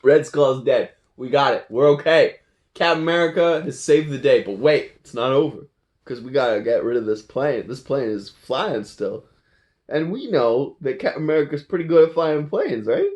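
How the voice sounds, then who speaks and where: A man's voice: on the high side, expressive, normal speed, a little mellow. A man casually recapping a movie plot, rambling and playful, often laughing and correcting himself.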